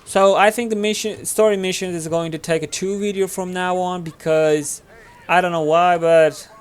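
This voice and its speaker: A man with a Turkish accent talks casually over his gameplay in a slightly high voice. He rambles, leaning on fillers. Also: steady tone, moderate pace, clean tone. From Turkey. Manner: rambling, filler-heavy, chatty. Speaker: gaming channel host.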